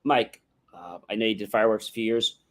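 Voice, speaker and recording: Lowish and fairly even in intonation, this host talks a little fast on a motivational livestream, using a livestream mic. He explains things instructively, setting yes-no against open questions and frequently adding "right?".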